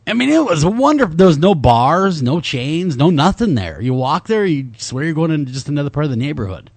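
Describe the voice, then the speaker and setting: A man's voice: fairly high pitch, fairly quick, dry recording. A man co-hosting a talk show, joking and reading a news story aloud in casual chat. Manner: animated, jokey, reads news aloud. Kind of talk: casual radio-style chat.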